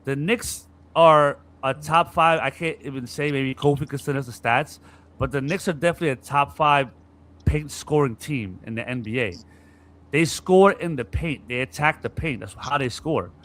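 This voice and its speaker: On a sports podcast, a male co-host with a mid-range voice and moderate pace chats animatedly about basketball. He acts out players' frustration, griping in their voices with profanity.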